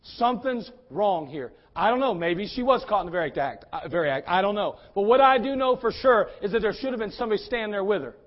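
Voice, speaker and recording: A male pastor preaching a sermon, fiery, swinging from quiet talk to shouting. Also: high voice, lively intonation, quick pace, few pauses, lo-fi sound.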